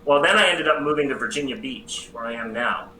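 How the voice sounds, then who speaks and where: A middle-aged American man, a priest and psychology professor, tells his story as an interview guest with lively, self-deprecating humor. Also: medium pitch, fairly quick. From United States. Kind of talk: personal testimony in a casual interview. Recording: roomy echo with faint background noise.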